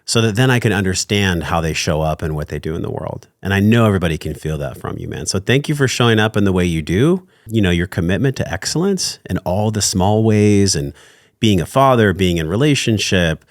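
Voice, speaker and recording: Earnest low-voiced male podcast host. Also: lively intonation, fairly quick, dry recording, studio quality. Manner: earnest, heartfelt, effusive thanks. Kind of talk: casual interview chat.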